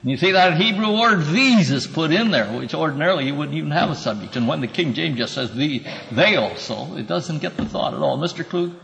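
A man's voice: on the high side, lively intonation, fairly quick, vocal fry, hardly any pauses, fairly bright tone, big-room sound, muffled recording, slight background noise. A man teaching a Bible class, explaining scripture verse by verse and calling on students by name. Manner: earnest, emphatic when quoting scripture.

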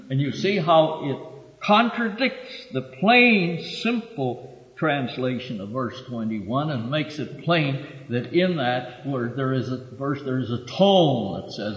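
A man's voice: medium pitch, lively intonation, fairly bright tone. Man preaching in an echoey hall. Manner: halting, with many filler pauses; reads verses aloud with raised emphasis. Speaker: preacher teaching from scripture. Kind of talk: sermon-style Bible teaching. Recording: dull echoey recording from a hall.

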